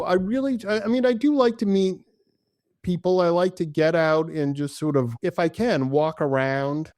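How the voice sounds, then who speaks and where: A man's voice: fairly high pitch, darkish tone, dry recording, clean studio sound. A man as a podcast guest, telling travel stories with enthusiasm and acting out the dialogue. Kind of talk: casual storytelling in an interview.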